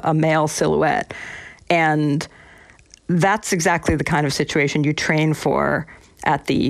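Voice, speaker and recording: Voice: medium pitch, vocal fry, dry recording. A former police officer as a guest, recalling patrol stories in a reflective way with frequent restarts. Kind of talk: interview storytelling.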